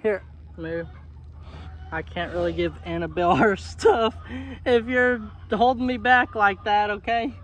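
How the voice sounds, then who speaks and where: A man talking casually to his goats on a homestead, coaxing and scolding them playfully, his voice jumping high when he is exasperated. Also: steady tone, a little slow, fairly bright tone, muffled recording. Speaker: homesteader vlogger. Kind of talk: casual talk to farm animals. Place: outdoors on a homestead among goats and animals.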